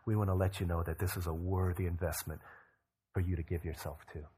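A male pastor preaching, telling a story with rising bursts of energy and quiet low drops. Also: brisk, a little hiss or hum. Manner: energetic storyteller who rises in pitch and volume for emphasis, then drops low. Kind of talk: sermon storytelling.

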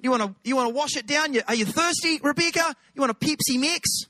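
A man voicing a teasing young Australian man who mimics a New Zealand accent in a high, sing-song mocking tone. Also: fast talker, sharp tone. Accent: put-on New Zealand.

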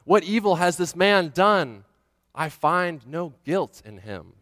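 A man's voice: a little high, sing-song, slow pace, fairly bright tone, no echo, clean studio sound, in a large hall, exaggerated voice. A man voicing a desperate middle-aged Roman governor who asks urgent, pleading questions.

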